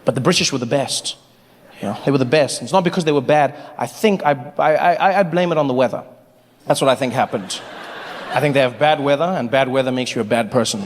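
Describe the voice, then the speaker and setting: A male stand-up comedian performing an animated, mocking routine live on stage. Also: mid-range voice, a little fast. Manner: animated, mocking, rising to shouts. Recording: reverberant theater with faint noise.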